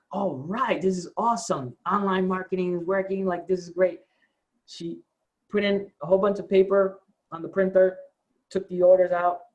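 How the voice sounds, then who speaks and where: Man, company co-founder, lively storytelling, acts out the voices, casual talk to staff. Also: a little high, poor audio. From United States. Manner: animated storytelling, acts out quoted dialogue.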